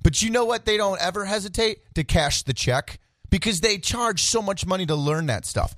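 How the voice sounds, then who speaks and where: A man's voice: sits high, expressive, normal speed, fairly bright tone, no room sound, studio quality. A man telling stories on a radio talk show, rambling and amused in a casual way. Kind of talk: casual storytelling.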